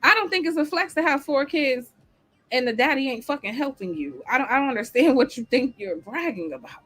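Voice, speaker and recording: A woman's voice: high-pitched, expressive, fairly quick, a bit bright, faint music behind. A woman hosting a livestream talk show, ranting bluntly and heatedly with heavy swearing and answering the live chat. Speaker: host.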